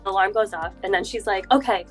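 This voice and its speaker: A woman from Upstate New York, a spiritual healer, telling her story as a podcast guest in an animated way with quick laughs. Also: fairly low pitch, faint music behind, rough recording. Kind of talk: casual interview chat.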